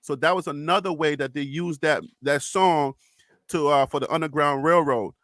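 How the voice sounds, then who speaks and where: A man with a high, bright, sharp voice hosts a livestream panel, talking with deep emotion. He builds his points in a repetitive, preacher-like cadence. The sound is dry and close. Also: fairly even intonation, moderate pace, no room sound. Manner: impassioned, repeats himself, preacher-like cadence. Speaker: livestream host.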